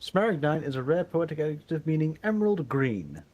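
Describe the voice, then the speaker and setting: A man's voice: fairly high pitch, very animated, brisk, a little mellow, muffled recording. A man chatting with a streamer about a game, explaining things with hesitant fillers. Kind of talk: casual gaming chat.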